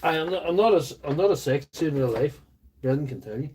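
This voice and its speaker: Fast and animated, this man's voice runs on the high side over a noisy background. With a Northern Irish accent, he repairs tools and hosts a casual live stream from a makeshift home workshop, rambling and self-deprecating, recorded through a phone on a small tripod.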